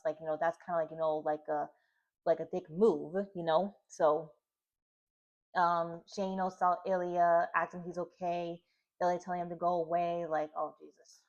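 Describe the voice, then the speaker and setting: A woman's voice: on the low side, darkish tone, dull audio. A woman casually recapping a series for her video channel, rambling and filling with "like" and "you know". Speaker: reaction vlogger.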